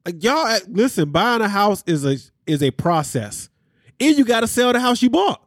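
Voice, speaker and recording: A man's voice: high voice, sing-song, moderate pace, no echo, studio quality. A man hosting a podcast, recapping reality TV in a candid, slangy way with asides to his listeners. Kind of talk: casual chat.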